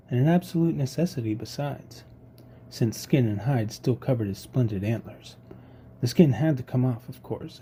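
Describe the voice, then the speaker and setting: A man reading a novel aloud in a measured, unhurried way. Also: mid-range voice, warm tone, slight background noise. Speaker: audiobook reader.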